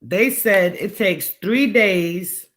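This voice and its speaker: A man's voice: high-pitched, drawn-out words, fairly bright tone. A man hosting a casual livestream chat, rambling and musing aloud with many rhetorical questions. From United States. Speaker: livestream host.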